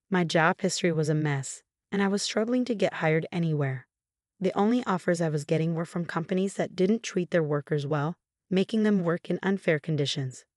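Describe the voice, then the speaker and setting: A woman voicing a stern, loyal young male employee who scolds forcefully in a storybook video. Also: fairly low pitch, no room sound, studio quality, close to an everyday voice.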